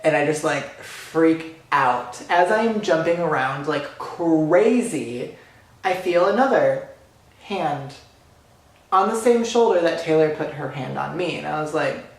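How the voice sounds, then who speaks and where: A man's voice: fairly high pitch, animated, unhurried, creaky. Gushing young man in an echoey room. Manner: breathless, gushing retelling with many "like"s. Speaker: vlogger. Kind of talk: excited storytime recap.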